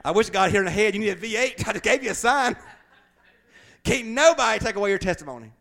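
A man with a Southern accent preaching a sermon in a folksy, joking way, swinging from loud emphatic bursts to quiet low asides. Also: animated, quick pace, gravelly.

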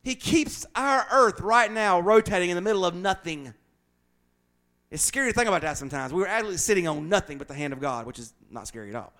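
A man with a Southern accent preaching a sermon in a folksy, joking way, swinging from loud emphatic bursts to quiet low asides. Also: animated, fairly quick.

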